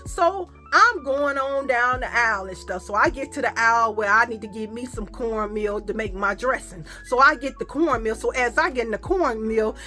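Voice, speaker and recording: A woman vlogger telling a story in a lively, slangy, profane casual style. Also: on the high side, moderate pace, hardly any pauses, faint music behind.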